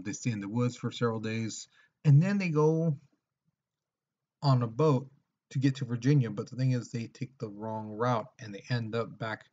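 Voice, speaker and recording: A man's voice: mid-range voice, a little mellow. A man teaching history in a casual lecture, retelling events with acted-out quotes and frequent check-ins. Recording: dull lo-fi recording.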